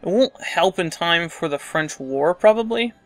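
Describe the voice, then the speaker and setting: A man's voice: fairly high pitch, expressive, moderate pace, dry recording, soft background music. A man casually commenting on a strategy game as he plays, thinking aloud and muttering asides to himself. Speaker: let's play host.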